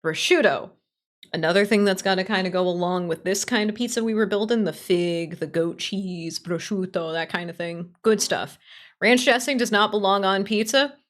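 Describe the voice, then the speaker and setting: A woman's voice: medium pitch, moderate pace. A woman streamer talking in a mid-range voice, casual and playful as she answers her chat. She is blunt and opinionated, and she swears heavily through her running commentary.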